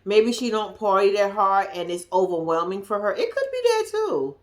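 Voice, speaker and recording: A woman giving a blunt, profane, animated recap of a reality TV episode, dropping to a hush at times. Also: medium pitch, moderate pace. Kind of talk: casual commentary recap.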